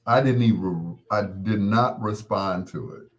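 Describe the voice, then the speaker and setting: A man's voice: lowish voice, a little slow. A man hosting his show, telling a casual story, laughing as he acts out the people he quotes. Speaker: host.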